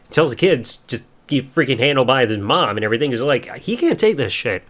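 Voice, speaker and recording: A man's voice: mid-range voice, big pitch swings, a little fast, fairly bright tone. A young man hosting a casual solo review podcast, rambling along and swearing casually. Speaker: podcast host.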